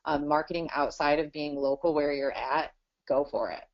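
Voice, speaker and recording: A woman in her thirties who owns a business chats casually in a webinar interview, her voice low with fairly even intonation at a moderate pace. She fills her talk with "you know," and the webinar audio is dull and lo-fi.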